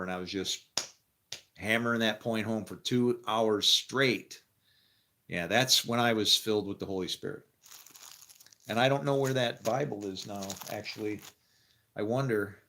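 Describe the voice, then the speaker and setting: Rambling male storyteller, somewhat low voice, laughs a lot and drifts quiet at the ends of his thoughts. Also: normal speed. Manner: rambling, laughs often, trails off into quiet mumbles. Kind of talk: rambling personal monologue.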